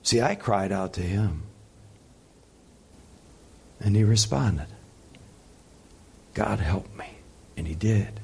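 A man preaching a sermon, impassioned, swinging between loud peaks and soft, quiet passages. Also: fairly low pitch, animated, slow, vocal fry, pauses often, slight background noise. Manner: impassioned, rising loud then dropping soft. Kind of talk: sermon teaching.

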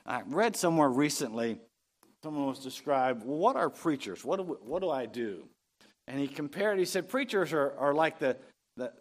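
A man preaching a sermon, reading scripture aloud and rising in pitch and force on key phrases. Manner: unhurried preaching, swelling louder and higher on key phrases. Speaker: pastor.

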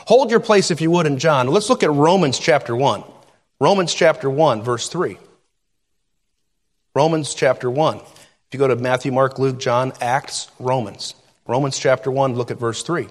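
A male pastor delivering a sermon, reading scripture and explaining it in an expressive, conversational teaching manner. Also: mid-range voice, moderate pace, in a large hall.

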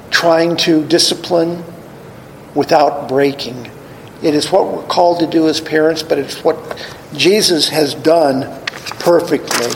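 Middle-aged male preacher, slightly high voice, gravelly, deliberate scripture reading, faint room noise. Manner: slow, deliberate scripture reading with rising emphasis. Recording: long hall reverb, faint ambience.

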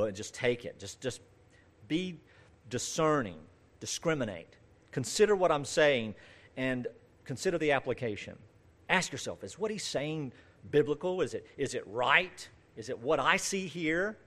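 A man's voice: medium pitch, lively intonation, normal speed, a bit bright. Earnest male preacher. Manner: earnest, conversational preaching with repeated phrases; rising and falling emphasis, lists building in force. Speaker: pastor. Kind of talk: sermon.

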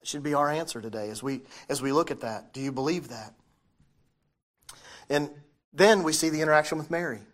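A man's voice: a little high, fairly quick, long pauses, a bit bright. Male pastor, conversational sermon, reads scripture, asks the room questions. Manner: reads scripture aloud, self-correcting.

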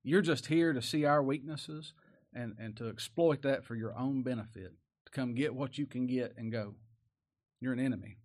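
A man's voice: medium pitch, normal speed, darkish tone. A man preaching a sermon in a folksy, conversational way, often asking rhetorical questions.

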